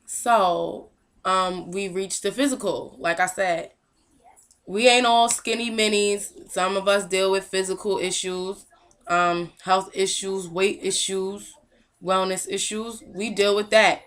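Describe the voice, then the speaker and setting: A woman's voice: medium pitch, steady tone, slow, fairly bright tone. A young woman hosting a casual vlog, speaking earnestly and encouragingly, with some casual slang. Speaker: movement founder and show host.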